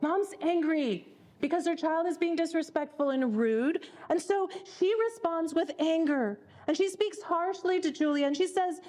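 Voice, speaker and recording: A woman's voice: extremely high pitch, normal speed, a little mellow. A woman leading a parenting workshop, speaking earnestly and repeating words as she thinks. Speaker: workshop leader.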